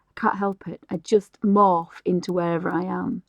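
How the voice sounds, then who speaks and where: A woman's voice: lowish voice, flat delivery, moderate pace, vocal fry, no echo. A middle-aged woman from England chatting casually while she colours on a live stream, rambling with restarts and light laughs.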